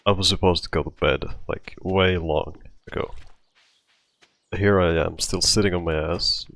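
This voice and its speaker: A man's voice: low voice, steady tone, a little slow, gravelly, fairly bright tone. A man telling a rambling personal story in casual talk, out of breath, often restarting his sentences. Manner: rambling, with many restarts and fillers. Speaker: storytime vlogger.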